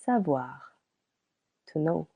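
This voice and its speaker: A woman giving a scripted language lesson, speaking slowly and deliberately and repeating each word for learners to copy. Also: sits low, very animated, vocal fry, mellow, breathy edge, dry recording. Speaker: French teacher. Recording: dry, tinny phone-like sound.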